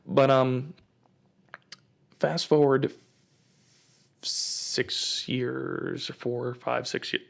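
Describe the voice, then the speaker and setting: A man in his twenties with a gravelly, fry-edged voice at a middling pitch. He hosts a casual comedic rant and rambles through his anecdotes with lots of fillers. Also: flat delivery, extremely slow, long pauses. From United States. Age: 20s. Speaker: host.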